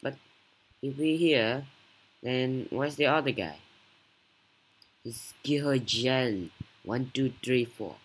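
A woman YouTuber giving casual gameplay commentary, excitable and quick to blurt out exclamations. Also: very deep voice, husky. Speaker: gaming YouTuber.

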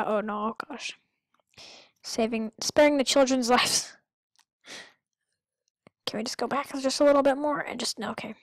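A woman giving goofy, rambling let's-play commentary with sudden excited outbursts. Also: a little high, moderate pace, long pauses, no echo. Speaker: gamer.

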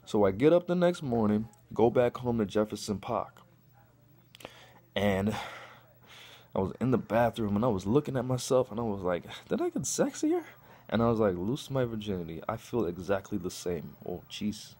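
Speaking at a moderate pace in a lowish voice, the young vlogger from Chicago shares a crude story about himself. It's an animated, foul-mouthed rant in which he performs what everyone said.

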